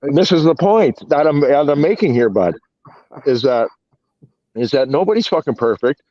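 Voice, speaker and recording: A man's voice: a little high, lively intonation, moderate pace, no room sound, lo-fi sound. A man co-hosting a casual podcast chat, emphatic and swearing often. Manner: emphatic and profane.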